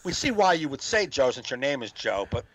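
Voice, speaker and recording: A man's voice: medium pitch, sing-song, fairly bright tone. A man co-hosting a podcast in casual chat, agreeing often and telling his own stories. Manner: agreeable, frequent quick back-channel replies. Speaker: podcast co-host.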